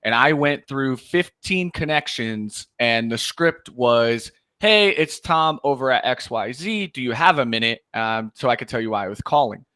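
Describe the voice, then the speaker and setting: A man's voice: medium pitch, moderate pace, few pauses, clear, resonant tone, dry recording. A man who coaches sales, chatting casually about cold calling and acting out bits of calls. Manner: animated, acts out call snippets.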